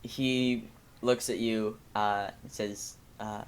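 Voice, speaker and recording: A man narrating as game master of a tabletop game, halting and full of restarts. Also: fairly low pitch, fairly even intonation, clean tone.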